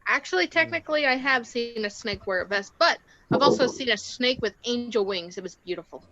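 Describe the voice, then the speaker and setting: A woman in a casual group chat who makes dry, deadpan joking remarks. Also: on the high side, a little fast. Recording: dull lo-fi audio.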